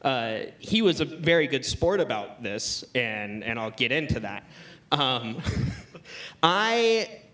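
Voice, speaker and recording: A man's voice: mid-range voice, animated, takes it slowly, fairly bright tone. A man doing a live stand-up set on a club stage, telling a crude, self-mocking story and laughing at his own lines. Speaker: stand-up comedian.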